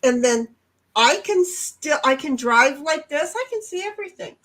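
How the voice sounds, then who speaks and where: A high-pitched woman chatting on a casual home livestream. She is blunt and brash, swears freely, and now and then bursts out loud to make a point. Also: lively intonation, moderate pace. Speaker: livestream co-host. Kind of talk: casual chat.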